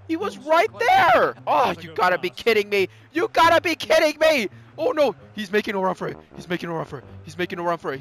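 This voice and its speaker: A gamer giving excitable let's play commentary, yelping at near misses and dropping Spanish exclamations into English. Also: high voice. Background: faint background music.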